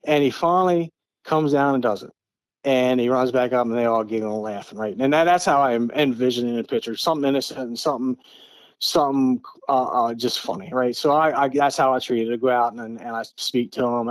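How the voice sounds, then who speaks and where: A man's voice: medium pitch, fairly quick, no room sound. A middle-aged man from Eastern Maryland, a podcast guest telling a story in an earnest, repetitive way, often restarting his phrases. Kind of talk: casual storytelling.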